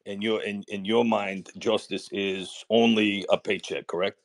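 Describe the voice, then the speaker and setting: A man with a heavy Italian accent phones into a talk show, his low voice pushing needling, sarcastic questions and tagging them with "right?". The sound is dry and close, with no room around it. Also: steady tone, unhurried, creaky, dry recording. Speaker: caller. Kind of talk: combative call-in questioning.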